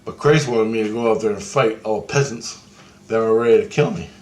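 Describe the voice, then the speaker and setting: A man's voice: lowish voice, a little fast. A man swearing through a strange vision story. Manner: profane, excitable storytelling that acts out quoted voices. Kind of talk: rambling first-person account of a vision.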